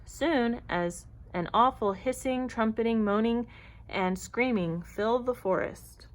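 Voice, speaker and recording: A woman reading a children's picture book aloud in an expressive, even-paced narration. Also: fairly high pitch, measured pace, poor audio. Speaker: storyteller. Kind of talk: storybook read-aloud.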